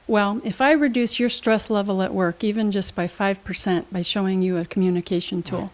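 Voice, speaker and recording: A woman's voice: medium pitch, a little fast. Brief: middle-aged woman, motivational speaker, upbeat teaching tone, interview guest. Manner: energetic, teaching with examples and questions.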